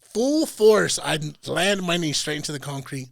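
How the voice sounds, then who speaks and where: High, gravelly-voiced young man telling stories. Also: measured pace, no room sound. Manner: animated, profane storyteller who acts out quotes. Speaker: podcast host. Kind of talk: casual podcast storytelling.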